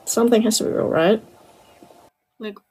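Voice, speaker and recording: A woman giving casual reaction commentary, excitable and rambling, full of fillers and exclamations. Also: on the high side, normal speed, husky. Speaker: reaction video host.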